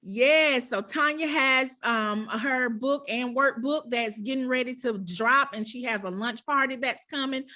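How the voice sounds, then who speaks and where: A woman's voice: high voice, unhurried, hardly any pauses, sharp tone. A woman hosting a live stream, talking effusively and closing with preacherly blessings over a video call. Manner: effusive, preacherly, says y'all. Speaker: host.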